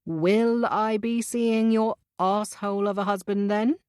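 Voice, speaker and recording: Glib male boss with a persuasive drawl, slightly higher and louder than the narrator, read by a woman. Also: sing-song, a little slow, dry recording, studio quality. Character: glib smooth-talking male law firm boss.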